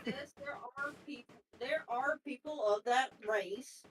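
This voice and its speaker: A woman co-hosting a podcast, blunt and quick to swear in casual chat. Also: high-pitched, a little hiss or hum, rough recording.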